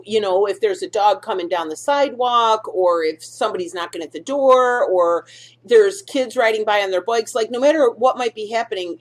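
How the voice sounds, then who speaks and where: A middle-aged woman hosting a dog-care video, talking casually through instructions and often checking in with "okay?" and "do you see?". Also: a little high.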